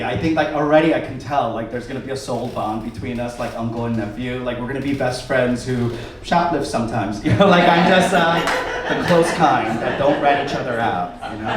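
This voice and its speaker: A man performing a stand-up comedy set with a wry, rambling, self-mocking delivery, live in a theater. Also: medium pitch. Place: theater stage, live audience. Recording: echoey theater, far mic, crowd laughter.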